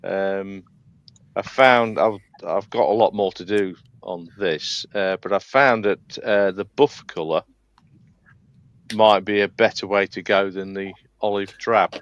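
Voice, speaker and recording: A man's voice: low voice, measured pace, fairly bright tone, no room sound, lo-fi sound. A man chatting casually on a live panel call, hesitant with many ums and restarts. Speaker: scale modeller on a live panel. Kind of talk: casual chat. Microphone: video call.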